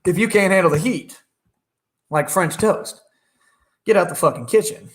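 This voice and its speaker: Guy ranting on his live, bragging and trash talking, kinda high voice. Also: normal speed. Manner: taunting, boastful, profane; talks over his own song playing. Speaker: livestreamer. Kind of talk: combative livestream rant.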